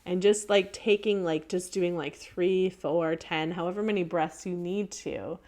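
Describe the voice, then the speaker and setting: A woman's voice: fairly low pitch, a little slow, a little mellow. A woman giving a casual, earnest talk full of anecdotes, with many fillers and restarts. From Canada. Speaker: presenter on children's mindfulness.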